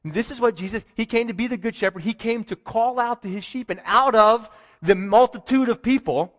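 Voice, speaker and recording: High-voiced preaching man in a reverberant hall. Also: fairly quick, fairly bright tone. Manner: emphatic, conversational preaching with rhetorical questions. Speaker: pastor. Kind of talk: sermon.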